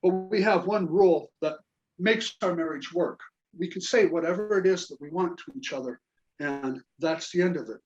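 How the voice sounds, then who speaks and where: Delivering dry jokes at his own expense, this Kentucky man in his forties, a former Navy serviceman, speaks with a Southern American accent. The pitch is fairly high, the speed normal, and the recording muffled.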